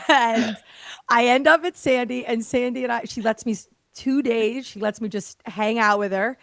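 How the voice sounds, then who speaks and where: A woman's voice: fairly high pitch, moderate pace, no room sound. A woman guest on a podcast, an airway therapist, telling a story casually, laughing often and acting out other people's lines. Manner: lively, acts out quoted dialogue.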